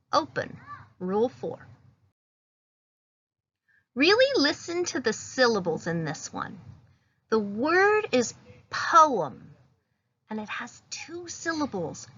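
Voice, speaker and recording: A woman's voice: a little high, bright, forceful tone, highs cut off. A woman teacher giving a patient phonics lesson, sounding out each letter as she writes words.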